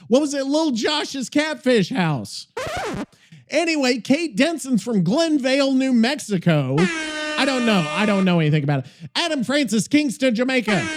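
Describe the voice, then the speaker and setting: A man's voice: very high voice, background noise. A man hosting a gaming podcast, rambling casually, swearing and thinking aloud as he looks things up. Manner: rambling, swears, talks to himself while searching. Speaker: podcast host.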